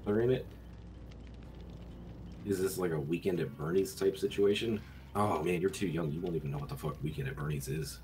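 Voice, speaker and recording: A man's voice: low-pitched, fairly quick, pauses often, noisy background. A man streaming a game live, bantering with chat in a crude, joking way.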